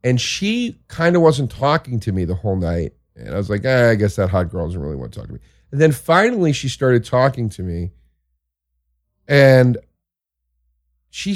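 A man who is a comedian hosting a show, telling a crude story in a casual monologue that swings into excited exaggeration. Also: medium pitch, no echo, clean studio sound.

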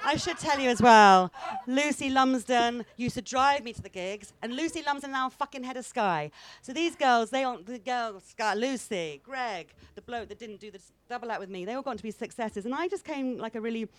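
On stage for a comic chat interview, a woman in her fifties does stand-up in a fake Russian accent, laughing through bawdy, self-mocking lines. Her slightly high, expressive voice moves at a moderate pace with few pauses and no room sound.

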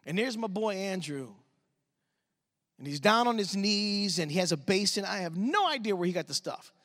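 Man, youth pastor, very high voice, sharp tone, animated church storyteller. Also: normal speed. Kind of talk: sermon storytelling. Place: church service.

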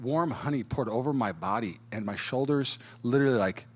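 A man preaching a sermon as a pastor, telling a personal story in an animated way, acting out quotes in different voices and chuckling often. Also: mid-range voice, brisk. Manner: chuckles as he talks.

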